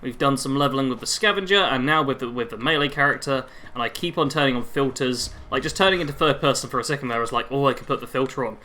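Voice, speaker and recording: A man's voice: medium pitch, fast talker, few pauses, sharp tone. A young man live streaming a game on a headset mic, chatting constantly and reading chat aloud.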